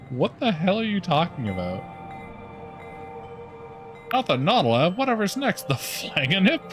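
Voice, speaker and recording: A man's voice: high-pitched, big pitch swings, measured pace, long pauses, music in the background. A man streaming a game, making wry, profane asides to himself while he plays. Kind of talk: casual gaming commentary.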